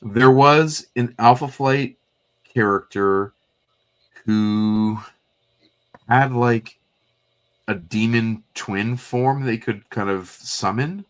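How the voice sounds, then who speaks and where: A man's voice: mid-range voice, very slow, long pauses. A man co-hosting a comics livestream in casual chat, rambling and searching for words. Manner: rambling, hesitant, fillers. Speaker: livestream co-host.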